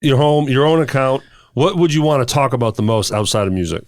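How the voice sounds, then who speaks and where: A man's voice: mid-range voice, lively intonation, fast, no room sound, studio quality. A man co-hosting a podcast in casual chat, telling stories in a rambling way with restarts. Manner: rambling storyteller, restarts and filler words. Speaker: podcast co-host and musician.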